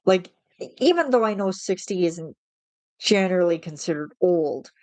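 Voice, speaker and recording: A woman's voice: on the low side, expressive, moderate pace, a little mellow, dry recording. A woman in her thirties venting in a casual monologue, exasperated and ranting, often restarting her sentences. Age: 30s. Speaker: vlogger.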